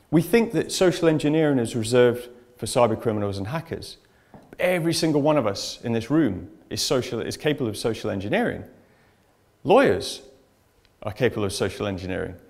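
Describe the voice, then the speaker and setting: A man's voice: a little high, darkish tone. A man giving a conference presentation on information security to a live audience, talking in a chatty, anecdotal way. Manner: chatty anecdotal storytelling, addresses audience directly.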